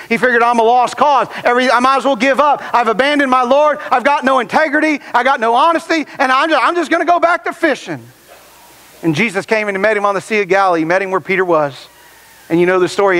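A male pastor preaching a sermon emphatically, dropping low and slow when he retells scripture. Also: a bit bright, poor audio.

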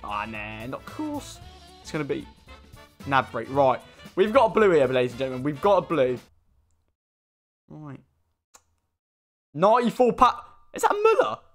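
A young man commentating as he opens game card packs, excitable and swearing, with sudden shouts. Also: medium pitch, measured pace, long pauses, soft background music. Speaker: gaming YouTuber. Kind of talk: excitable pack-opening commentary.

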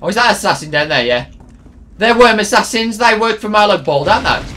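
A young man bantering casually while playing a video game, jokey, teasing and excitable. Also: high-pitched, brisk, a little hiss or hum. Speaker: gaming channel co-host.

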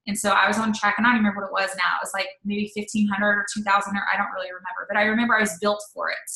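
Bright, chatty woman in an echoey room. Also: mid-range voice, racing. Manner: chatty, animated, full of "like" and quoted asides. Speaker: network marketing leader, interview guest. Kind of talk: personal storytelling in an interview.

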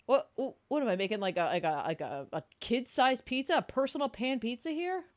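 A woman's voice: on the high side, lively intonation, fairly quick. A young woman from New Jersey streaming a cooking game, giggly and chatty, thanking viewers and reading tutorial text aloud. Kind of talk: casual live-stream gaming chat.

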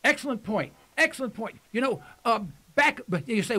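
A man's voice: high voice, sing-song, moderate pace, bright, forceful tone. A man hosting a call-in radio talk show in a folksy, emphatic way, repeating phrases for effect, his voice starting to go.

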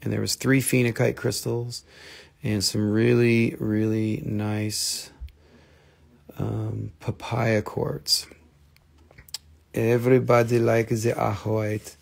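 A man's voice: lowish voice, little pitch movement, slow pace, gravelly, pauses often. A man hosting a live crystal sales stream, joking around and switching into playful broken-English banter.

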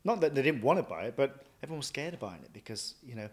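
A man, a chef and restaurant owner, telling stories from his career in a lively way, often acting out what he thought and said. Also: medium pitch, fast. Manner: lively anecdotal, quotes himself often. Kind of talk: casual interview storytelling.

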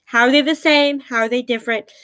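A woman reading picture-book stories aloud to children like a teacher, slow, animated and expressive. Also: high-pitched, no echo.

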